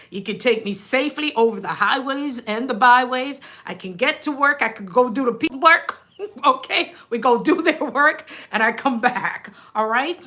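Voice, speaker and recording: A woman's voice: a little high, fairly bright tone. A woman hosting a casual livestream as a business coach, chatting to viewers, reading out their comments and laughing often.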